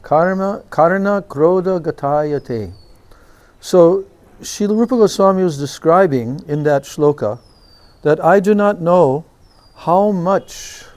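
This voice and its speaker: A man, a swami, recounting a personal memory in a slow and reverent devotional talk. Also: high voice, darkish tone. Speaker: swami giving a spiritual talk. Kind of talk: devotional storytelling lecture.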